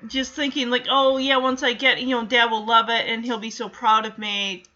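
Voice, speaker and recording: A woman's voice: on the high side, level tone, moderate pace, bright, forceful tone. A woman casually recapping a sitcom episode, animatedly acting out the characters' lines and laughing as she goes. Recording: dull lo-fi sound.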